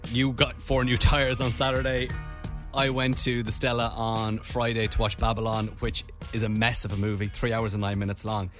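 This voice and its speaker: A man, co-hosting a radio show podcast and telling stories in a casual, animated way. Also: mid-range voice, moderate pace, music in the background. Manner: animated storytelling, mimics voices. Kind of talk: casual chat.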